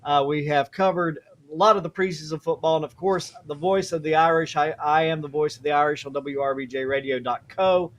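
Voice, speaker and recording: A man's voice: on the high side, fairly even intonation, brisk, hardly any pauses. A man, co-hosting a live sports podcast in a jokey, folksy way. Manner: jokey, folksy, self-deprecating. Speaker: co-host, high school sports broadcaster. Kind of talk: casual live show chat.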